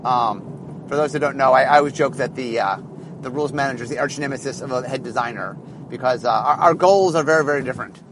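A man's voice: mid-range voice, quick pace, background noise. A man, a head designer, talking in a rambling casual monologue with many fillers and restarts, recorded in a car.

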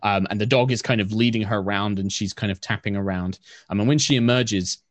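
A man narrating as game master in a relaxed, rambling way, with many fillers. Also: on the low side, brisk, no room sound.

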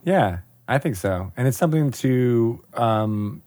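A man's voice: medium pitch, expressive, unhurried, warm tone. A man in casual podcast chat, thoughtful and agreeable, with small hesitations. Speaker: podcast guest.

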